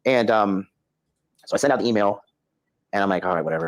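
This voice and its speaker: Podcast guest, male, rapid storyteller who swears and acts out his thoughts, lowish voice. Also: no echo, poor audio. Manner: fast, animated, acts out his own inner voice with lots of swearing.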